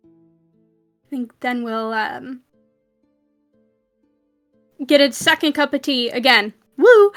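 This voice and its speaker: A woman's voice: high-pitched, expressive, takes it slowly, pauses often, faint music behind. A woman playing a tabletop game, hesitant, with many fillers. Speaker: player.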